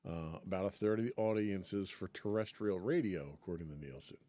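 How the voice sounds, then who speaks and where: A man's voice: deep voice, a little fast, mellow. A man co-hosting a casual podcast chat, reading from an article and laughing often. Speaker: podcast co-host.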